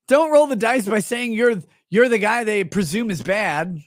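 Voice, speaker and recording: A sarcastic man riffing on the news as a livestream host. He mocks the people he describes and slips into quick put-on voices for them. The sound is dry and close, with almost no room. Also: high voice, lively intonation, no room sound. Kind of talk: casual commentary.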